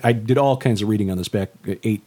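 A man with a slightly husky, breathy voice, chatting casually as a co-host. He stammers, repeats words as he restarts, and laughs easily. He is from the St. Louis area. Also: fairly low pitch, fast talker, dark tone. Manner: stammers and restarts, chuckles often. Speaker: co-host and novelist. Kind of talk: casual chat.

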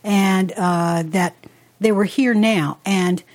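A woman's voice: medium pitch, slow, a little mellow. A woman co-hosting a casual podcast chat, talking in a rambling, chatty way with asides and restarts. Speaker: podcast co-host.

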